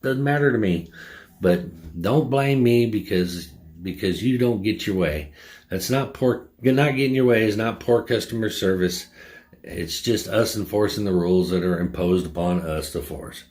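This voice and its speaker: A man's voice: lowish voice, normal speed, a little mellow. A man vlogging a casual story and rant about a rude customer at his gas station job, blunt and profane.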